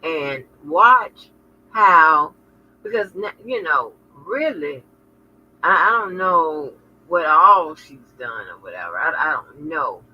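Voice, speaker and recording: A woman's voice: low-pitched, sing-song, slow, breathy edge. Frank, profane woman vlogger, lo-fi. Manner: frank, profane, chatty storytelling. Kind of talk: casual chat to viewers. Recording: lo-fi with faint noise.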